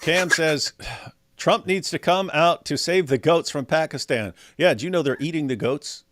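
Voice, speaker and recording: A man's voice: fairly high pitch, moderate pace, fairly bright tone, dry recording. Emphatic man with a dry close mic. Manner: emphatic, repeats phrases, mocking quoted voices. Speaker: co-host of a live talk stream. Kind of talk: casual live-stream commentary.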